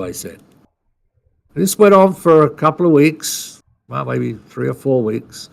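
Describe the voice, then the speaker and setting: A man co-hosting a podcast, his voice rough with a gravelly, fried edge. He tells his story in a loose, rambling way, salty and blunt, often restarting his sentences. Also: mid-range voice, lively intonation, unhurried, long pauses. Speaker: podcast co-host.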